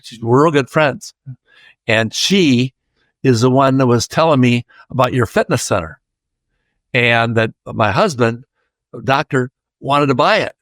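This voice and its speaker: A man's voice: mid-range voice, unhurried, fairly bright tone, dry recording. An older man from Iowa, a podcast guest, chatting through a rambling personal story and acting out the voices of people he quotes.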